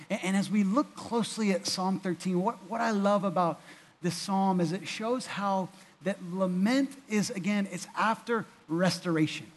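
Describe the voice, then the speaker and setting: A man preaching a sermon in an earnest way, often repeating words and restarting, and growing louder when he voices pleas. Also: normal speed. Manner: rises louder and higher when voicing the psalmist's pleas. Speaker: pastor.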